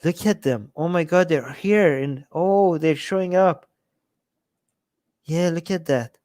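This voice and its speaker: Sarcastic guy streamer reading chat, highish voice, dry mic. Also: takes it slowly, darkish tone, dry recording. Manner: sarcastic, mocking. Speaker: livestream host. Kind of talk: live commentary on chat.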